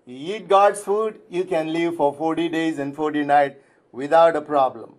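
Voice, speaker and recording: A man leading a Bible study, explaining scripture step by step in a deliberate way. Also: a little high.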